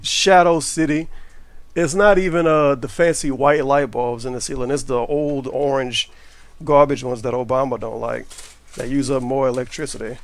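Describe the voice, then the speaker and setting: A man's voice: mid-range voice, steady tone, moderate pace, dry recording. A man, chatting offhand and with profanity as he cooks in his home kitchen for a vlog. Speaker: cooking vlogger. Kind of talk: casual cooking vlog. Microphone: camera mic while cooking.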